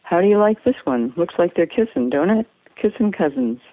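A woman voicing a folksy, fatherly older male doctor who speaks in a gentle, coaxing way, on a tinny, dry recording. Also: on the low side, lively intonation, moderate pace, dry recording, lightly acted. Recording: tinny phone-like dry sound.

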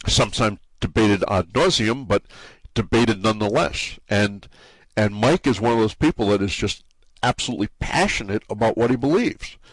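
A man with a New England drawl talks casually in an interview, tripping over his words and repeating himself as he goes. His voice sits a little low and is recorded dry and close to the mic, with no room sound. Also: no echo. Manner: halting, many restarts and repeated words. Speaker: forum site owner being interviewed.

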